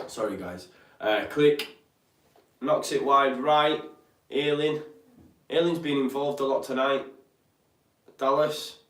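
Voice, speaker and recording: A man's voice: medium pitch, steady tone, takes it slowly, long pauses, a bit bright, a little hiss or hum. A young man hosts a live football watch-along, chatty and tired, with plenty of ums. His voice is recorded in a roomy, echoey space. He sits away from the microphone, so he sounds distant. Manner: chatty, reads out viewer comments, frequent ums and apologies. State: tired, yawning. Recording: roomy echo, speaker off-mic.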